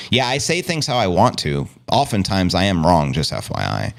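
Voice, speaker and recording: A man's voice: low voice, huge pitch swings, normal speed, vocal fry. A man hosting a casual livestream, talking in a brash, playful way with plenty of swearing and his own made-up slang. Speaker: livestream host. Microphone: streaming setup.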